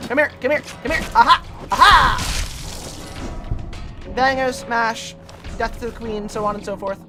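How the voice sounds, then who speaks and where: A rowdy, shouting British lout, as a woman streamer puts him on for laughs. His voice is loud, brash and higher than a man's. Game music plays behind him. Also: lively intonation, normal speed.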